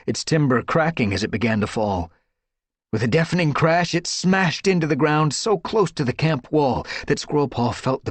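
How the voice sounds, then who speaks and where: A man reading a dramatic audiobook story with expressive, dramatic storytelling. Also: mid-range voice, husky, dry recording. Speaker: audiobook narrator. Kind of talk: audiobook narration.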